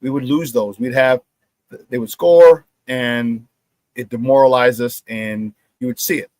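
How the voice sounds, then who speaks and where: A man's voice: mid-range voice, measured pace, no room sound. A man hosting a casual sports talk show, plugging merchandise and telling stories while acting out the quotes. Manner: animated storyteller, acts out quotes.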